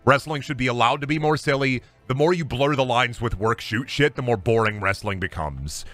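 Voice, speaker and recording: A man's voice: medium pitch, fairly quick, fairly bright tone, no room sound, soft background music. A man streaming a game and ranting casually about wrestling, heated, emphatic and profane. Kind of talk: casual rant while gaming on stream.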